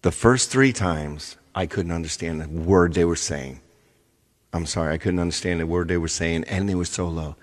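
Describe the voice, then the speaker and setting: A man's voice: low-pitched, normal speed, big-room sound. A man hosting a live stream, chatting casually with viewers and telling a long, ranting story. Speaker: live stream host and singer.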